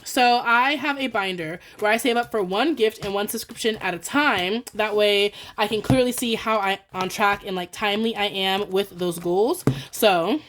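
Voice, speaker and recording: A young woman chatting excitedly and quickly through a budgeting vlog, full of fillers and counting out cash. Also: mid-range voice, slight background noise. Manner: fast, excited, rambling with many "like" fillers. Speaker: budgeting vlogger. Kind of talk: casual chatty voice-over while cash stuffing.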